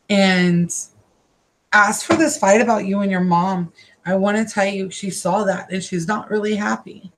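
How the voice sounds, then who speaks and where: A woman in the middle of a live-streamed psychic reading, her voice sitting at an ordinary middle pitch. She speaks in halting, repetitive bursts that keep circling back with feeling. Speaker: psychic card reader. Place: her own room.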